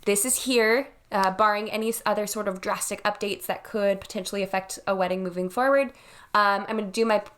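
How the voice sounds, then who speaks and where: A woman's voice: medium pitch, fairly even intonation, a little fast, a bit bright. A woman in her thirties, a wedding planner, talking earnestly and reassuringly to camera from her home. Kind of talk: direct-to-camera vlog.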